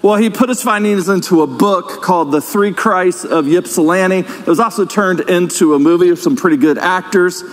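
Brief: male pastor, high voice, chatty sermon style in a reverberant church hall. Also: normal speed, few pauses. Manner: conversational preaching with asides and questions to the congregation. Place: church sanctuary.

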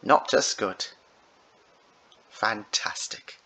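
A man's voice: fairly low pitch, very slow, gravelly, sharp tone, husky, low-quality recording. A man casually announcing the casting for a fan redub, rambling and repeating himself.

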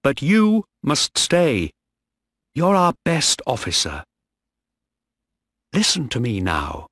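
A man's voice: mid-range voice, wildly swooping pitch, takes it slowly, a bit bright, no room sound, voice pushed up, exaggerated voice. A man voicing a worried male sailor who pleads with his friend in a storybook reading. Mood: pleading.

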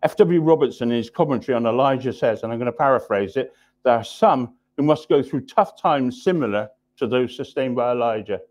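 A man preaching a sermon in a church, driving points home through repetition and often dropping his voice low and quiet for emphasis. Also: a little fast. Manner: emphatic repetition, drops low and soft for weight.

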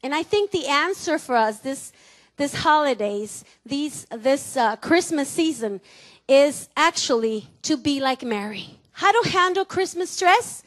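High-voiced woman pastor preaching playfully. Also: animated, unhurried. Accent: Mexican Spanish. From Mexico. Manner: playful, laughing, calls for congregation responses. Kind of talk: sermon. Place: church sanctuary.

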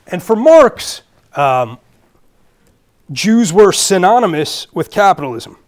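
A man's voice: high-pitched, big pitch swings, slow pace. A man with a Brooklyn accent giving a public lecture as a guest speaker, earnest and thinking aloud with fillers and restarts.

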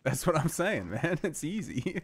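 A young man teases his friend in casual gaming chat, laughing and swearing. His voice bounces lively up and down, and it sits a little high for a man. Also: measured pace, slightly rough, no room sound. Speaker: streamer playing a game.

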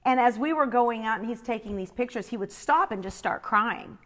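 A woman's voice: fairly high pitch, moderate pace. A middle-aged woman telling a personal faith story, quoting others as she goes. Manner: animated, quotes others in her own voice. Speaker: speaker sharing a faith story.

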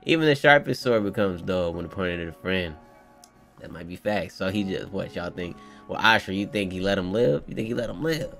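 A man giving live, slang-heavy reaction commentary, reading character lines aloud in his own voice and shouting with laughter when he gets hyped. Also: sits low, animated, a little fast, gravelly, faint music behind. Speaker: manga reaction streamer.

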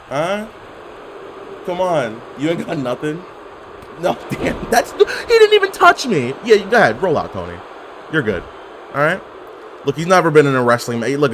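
A man giving casual, excitable commentary while playing a video game, trash-talking and laughing often. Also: medium pitch, slight background noise. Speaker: gaming commentator.

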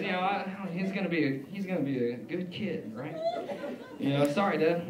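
Young male stand-up, high and animated, rambling delivery, far mic in an echoey club. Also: normal speed, a crowd in the background. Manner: rambling, filler-heavy, self-mocking. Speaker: stand-up comedian. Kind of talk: stand-up routine. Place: comedy club stage.

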